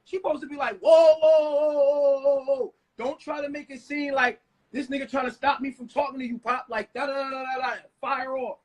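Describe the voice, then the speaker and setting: Man, high husky voice, furious profane rant, shouts and accuses. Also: level tone, fairly quick. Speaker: livestreamer ranting at his wife. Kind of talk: heated livestream rant.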